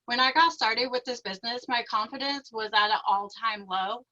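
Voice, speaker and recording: A young woman with a fairly high, bright voice and a forceful tone shares the story of her business at a moderate pace. Her emotional testimony comes out nervous and shaky, full of fillers and restarts, on dull lo-fi audio.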